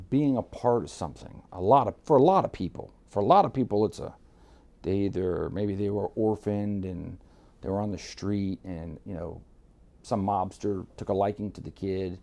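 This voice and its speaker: A man from Miami tells stories as a guest, blunt and unpolished, with swearing. His voice is gravelly and dark. He slips into quoted voices as he talks. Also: fairly low pitch, moderate pace. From Miami, United States. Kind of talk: casual storytelling.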